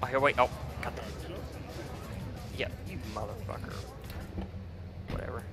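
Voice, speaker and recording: A young man giving casual let's play commentary, with frequent profane, excitable outbursts. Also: medium pitch, moderate pace, over loud music. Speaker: gamer.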